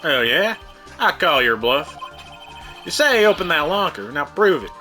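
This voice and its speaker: A man's voice: on the high side, sing-song, moderate pace, pushed and bright. A man voicing a swaggering cowboy-style male police officer in a put-on country drawl over game music. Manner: drawling, folksy.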